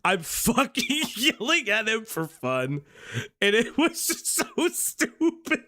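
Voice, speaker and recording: A man's voice: very high-pitched, huge pitch swings, slow, sharp tone. A man hosting a commentary stream, telling a story in casual chat, laughing often mid-sentence and swearing a lot. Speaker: stream host.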